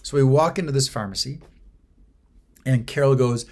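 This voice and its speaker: A man's voice: medium pitch, fairly even intonation, brisk, a little mellow, slight background noise. A man co-hosting a podcast, telling a travel story in casual chat and checking often that his co-host agrees. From United States.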